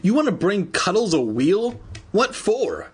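A man voicing a feisty, sharp-tongued schoolgirl in a comic storybook reading, raising his voice high and exasperated. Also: very animated, takes it slowly, slightly rough, full character voice. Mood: incredulous. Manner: exasperated, high-pitched questioning.

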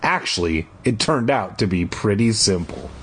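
Husky man reading and ranting on a podcast. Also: lowish voice, animated, moderate pace, fairly bright tone. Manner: ranting, profane, self-mocking. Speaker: podcast host reading a book aloud. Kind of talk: comic reading with rants.

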